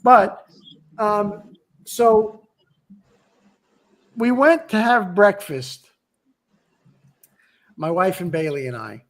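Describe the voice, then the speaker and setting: A man's voice: high-pitched, expressive, extremely slow, pauses often, fairly bright tone. A man in his sixties hosting a podcast, chatting casually and rambling with restarts and asides. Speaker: podcast host. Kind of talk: casual chat.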